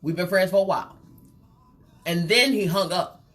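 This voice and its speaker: A woman's voice: on the low side, moderate pace, fairly bright tone, soft background music. A woman hosting a live gossip show, teasing and laughing often, repeating phrases and calling out "child" and "baby" as she comments. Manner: repeats and draws out phrases for effect.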